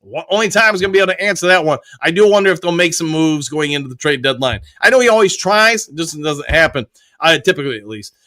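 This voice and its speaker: A man's voice: a little high, expressive, fast, pushed and bright, no echo. A man from Michigan hosting a live fan show, reading viewers' chat messages aloud and answering them. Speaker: host.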